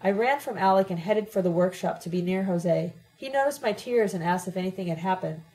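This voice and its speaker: A woman giving a steady, plain first-person audiobook narration. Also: medium pitch, a little fast, low-quality recording. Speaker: audiobook reader.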